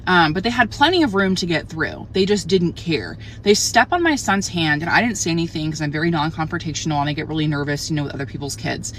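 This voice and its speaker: A woman's voice: sits low, lively intonation, fast, few pauses, fairly bright tone, slight background noise. A young woman, mother of a toddler, telling a story and venting to camera in a chatty, exasperated way with many "like" fillers. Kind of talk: casual storytime rant to camera.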